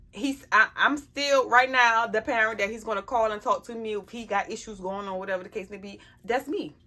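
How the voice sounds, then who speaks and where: A woman's voice: medium pitch, vocal fry, pushed and bright. A woman talking bluntly and emphatically to her camera about being a parent, often checking in with her listener. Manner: blunt, emphatic, keeps asking "you know what I'm saying". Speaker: parent sharing life advice. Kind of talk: casual personal vlog talk.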